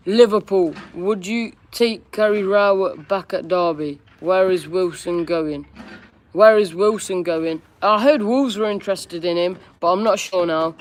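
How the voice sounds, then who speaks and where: A young man hosting a live-stream Q&A, reading viewers' questions aloud and answering in a chatty, candid way with casual slang. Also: sits high. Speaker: football fan streamer.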